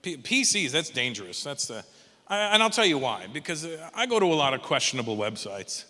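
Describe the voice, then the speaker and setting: A man in his fifties doing a stand-up comedy routine, animated and profane, dropping into mocking voices. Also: fairly high pitch, brisk. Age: 50s. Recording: echoey hall from a distance.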